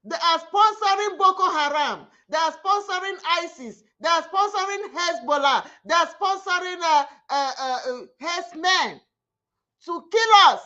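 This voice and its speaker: Speaking with a Nigerian Igbo accent, this online media host from southeastern Nigeria pleads fervently on her channel, repeating herself again and again. Her pitch is extremely high with lively intonation, her tone sharp, her pace a little slow, all in lo-fi sound.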